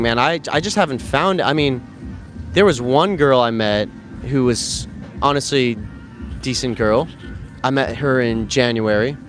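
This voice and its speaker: An American man in his thirties chatting casually and rambling, with a lot of profanity and slang, outdoors by a street. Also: mid-range voice. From United States. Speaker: dating coach vlogger. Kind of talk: casual chat.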